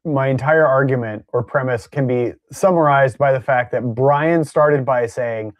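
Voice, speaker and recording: A mid-pitched man co-hosts a joking group chat, teasing his friend in a halting way full of fillers and restarts. His voice is dry and close, with no room sound. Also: no echo. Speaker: co-host. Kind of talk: casual podcast banter.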